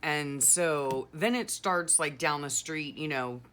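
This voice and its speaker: Middle-aged lady journaling on camera, chatty rambling storyteller, lots of fillers, low pitched. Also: slow pace, fairly bright tone. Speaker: journaling vlogger. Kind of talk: casual rambling chat.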